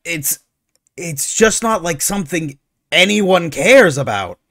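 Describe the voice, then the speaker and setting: A man hosting casual reaction commentary, ranting in an animated, sarcastic, opinionated way. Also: on the high side, slow, dry recording, studio quality. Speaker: streamer reacting to online posts.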